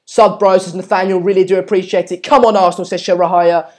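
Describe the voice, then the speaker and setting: A fast, level-toned, high voice belongs to a young man hosting a live football watchalong. Between calls on the play and viewer comments read aloud, he chats with many ums and encourages subscriptions.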